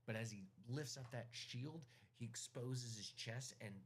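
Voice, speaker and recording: A man narrating as game master, calling dice rolls in a casual, halting way with many fillers. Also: mid-range voice, a little hiss or hum.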